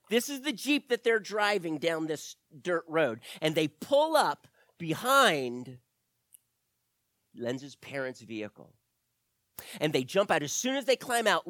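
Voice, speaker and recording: A man telling a story to children, with animated delivery and asides to his listeners. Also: sits high, no room sound, studio quality.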